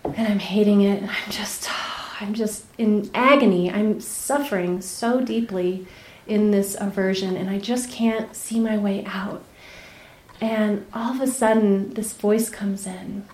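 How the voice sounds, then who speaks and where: A woman meditation teacher giving a dharma talk, telling a personal story candidly, laughing often and dropping to soft, near-whispered asides. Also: mid-range voice, reverberant. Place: retreat center meditation hall.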